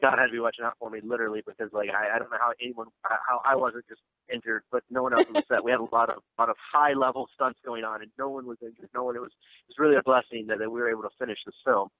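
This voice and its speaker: Man, interview guest, rapid casual talk, lots of uh's, dry phone-line audio. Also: mid-range voice, fairly even intonation, no room sound. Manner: rambling, full of fillers and restarts. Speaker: actor and filmmaker guest.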